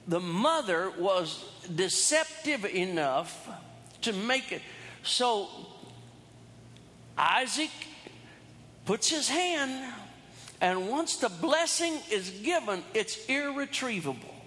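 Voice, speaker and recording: A man's voice: high voice, sing-song, slow pace, pauses often, bright, forceful tone, in a large hall. A man preaching a sermon, retelling a story in a folksy, humorous way with asides to his congregation. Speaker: pastor.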